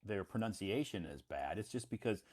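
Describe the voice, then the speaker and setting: Brief: low-pitched American male teacher, easygoing chat, lots of repetition and laughter. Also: expressive, moderate pace, a little mellow. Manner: chatty, laughs often, repeats words for a learner. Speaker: English teacher host. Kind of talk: casual conversational interview. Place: lives in Beijing.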